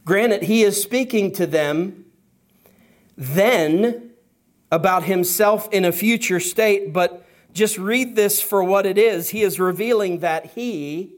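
Slow, emphatic male preacher. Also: sits high. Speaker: pastor. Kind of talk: sermon.

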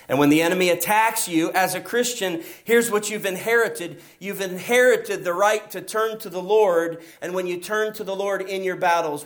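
A man preaching a sermon as pastor, emphatic and asking his listeners rhetorical questions. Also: fairly high pitch.

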